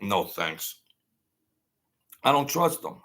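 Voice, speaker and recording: A man's voice: fairly low pitch, big pitch swings, takes it slowly, bright, forceful tone. An older man, host of his own channel, telling a rambling story in a blunt, wary, streetwise way.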